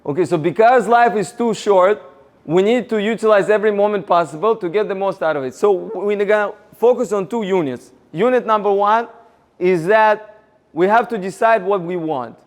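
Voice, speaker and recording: A man giving a motivational seminar talk, energetic and rallying the audience with questions. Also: high voice, normal speed. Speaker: seminar speaker.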